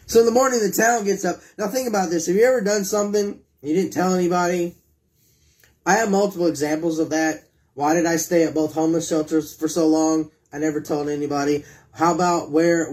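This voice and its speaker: A man with a high voice preaches a sermon. He retells scripture in his own words and keeps turning to ask his listeners questions. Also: a little mellow.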